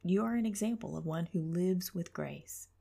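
Serene, unemotional divine man, gravelly and dark, voiced by a female narrator. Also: fairly low pitch, moderate pace. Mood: calm, flat. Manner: flat, without inflection. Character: calm divine male guide, serene and unemotional.

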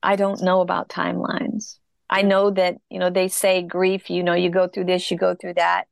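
Earnest woman with a gravelly voice. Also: fairly low pitch, monotone, no room sound. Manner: reflective, earnest, slow in places. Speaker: guest. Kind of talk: personal story in an interview.

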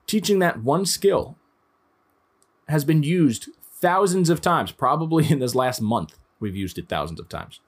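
A man in his thirties talks in an easy, conversational way as he teaches dog training, with a voice of ordinary middle pitch. He explains each point through everyday examples and talks straight to the listener. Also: very animated, brisk, husky. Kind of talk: instructional talk.

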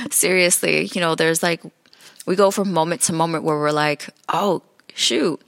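Woman, podcast host, low pitch, gravelly, casual chatty delivery, dry close recording. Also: a bit bright, no room sound. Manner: chatty, laughs often, self-correcting asides. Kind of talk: casual solo podcast talk.

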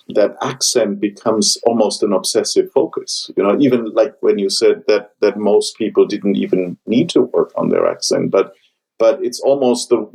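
Husky-voiced man with a German accent. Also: on the low side, darkish tone, low-quality recording. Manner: thoughtful, searching for words. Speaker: podcast host. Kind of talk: casual conversation.

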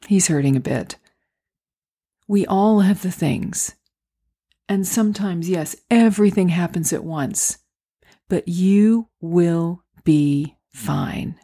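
A woman hosting a solo podcast, talking through acting auditions in a gentle, encouraging, unhurried way. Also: low-pitched, husky. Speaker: podcast host and acting coach. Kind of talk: reflective solo podcast talk. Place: home, recorded near a street.

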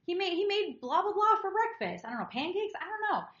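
A blissful, breezy woman camper, as a woman puts her on, gushing in an airy, offhand way. The voice is pitched up high above a plain speaking voice. It comes over a roomy, slightly dull recording. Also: very animated, fairly quick, fairly bright tone, heavily acted.

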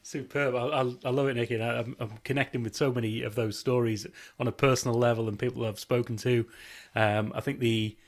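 A man hosts a podcast in a casual, conversational way. He backs his guest with quick affirmations before offering reflections of his own. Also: mid-range voice, fairly even intonation. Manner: encouraging, quick short affirmations. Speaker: podcast host. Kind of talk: casual interview chat.

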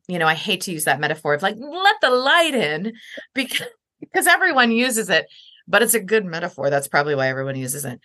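A woman's voice: deep voice, a bit bright. A middle-aged woman speaking earnestly and reflectively as a podcast guest, livening up when she quotes others. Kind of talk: heartfelt conversation.

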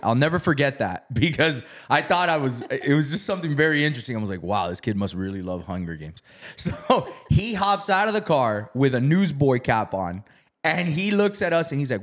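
Animated, profane man telling a story. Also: mid-range voice. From South Florida. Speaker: real estate investor. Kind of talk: casual storytelling.

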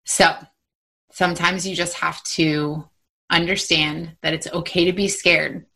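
A woman's voice: on the low side, steady tone, unhurried, creaky, sharp tone. A woman in her thirties hosting a motivational podcast for mothers, talking in a reassuring, encouraging way. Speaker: podcast host and mom coach.

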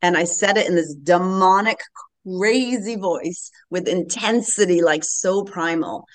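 Brief: woman, late fifties, podcast guest, earnest storyteller, slightly low voice. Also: a little slow. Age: late 50s. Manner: earnest, animated storytelling with frequent laughs. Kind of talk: casual interview storytelling.

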